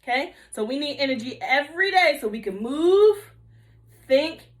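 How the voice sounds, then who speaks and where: A woman giving a kindergarten video lesson on healthy eating, in a bouncy teacher voice with call-and-response and drawn-out repeated words. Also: sits high, expressive. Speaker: nutrition educator for young children.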